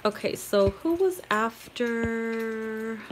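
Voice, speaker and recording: A woman's voice: on the high side, expressive, very slow, background noise. A woman giving a casual live tarot reading from her home tarot room, chatty and giggly, swearing freely. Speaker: tarot reader.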